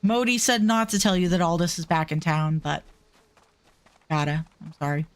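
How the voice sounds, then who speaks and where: A woman's voice: lowish voice, steady tone, moderate pace. Brief: woman let's-play streamer, wry and profane, casual commentary. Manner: reads quest dialogue aloud, swears casually, wry asides. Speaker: gaming streamer.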